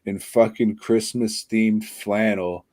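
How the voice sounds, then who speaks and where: Podcast co-host, male, low voice, unhurried, crude rambling delivery. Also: fairly even intonation, a little mellow, dry recording. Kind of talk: casual profane chat.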